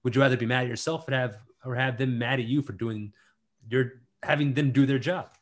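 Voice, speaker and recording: A man co-hosting a podcast in casual chat, playful and quick with puns and repeated gag phrases. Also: medium pitch, steady tone. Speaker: podcast co-host.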